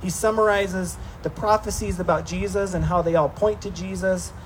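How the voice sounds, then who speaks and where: A male pastor delivering a sermon, emphatic, slowing down to read scripture aloud. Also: high-pitched, fairly even intonation, slight background noise, poor audio. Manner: emphatic preaching, slowing for scripture, acting out voices.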